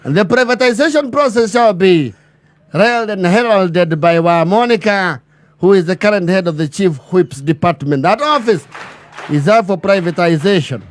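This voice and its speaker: A man's voice: sits high, expressive, no echo. Pompous man giving a mock address. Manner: pompous, bureaucratic phrasing, drawn-out pauses. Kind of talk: mock formal speech.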